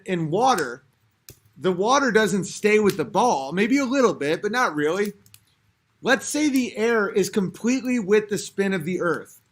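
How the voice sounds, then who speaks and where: High-voiced man ranting on a livestream. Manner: profane, exasperated ranting with restarts. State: a few drinks in. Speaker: livestreamer reading chat. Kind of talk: livestream rant.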